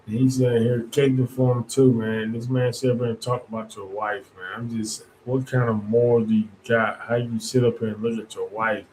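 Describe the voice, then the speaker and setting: A man talks in a relaxed, rambling monologue as host of his own show. His voice sits at an ordinary middle pitch, and his colloquial phrasing loops back on itself. A faint noise floor runs under the recording. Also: moderate pace, few pauses, low-quality recording. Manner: conversational, rambling with restarts, colloquial Southern-tinged speech. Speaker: podcast host. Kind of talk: casual political monologue.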